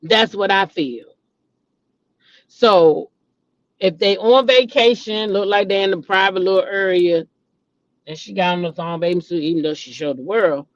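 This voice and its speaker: A middle-aged woman hosting a chatty gossip show, voice sitting at an ordinary middle pitch. She keeps her delivery animated and exclaims dramatically, repeating names for effect. The recording sounds muffled and lo-fi. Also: moderate pace, long pauses. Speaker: host. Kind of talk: casual gossip chat. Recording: dull lo-fi recording.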